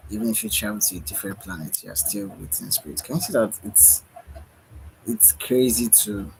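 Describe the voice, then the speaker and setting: His voice is on the low side and creaky, captured in poor audio with slight background noise. A tired spiritual speaker, he offers a slow, musing monologue late at night, full of sighs and yawns.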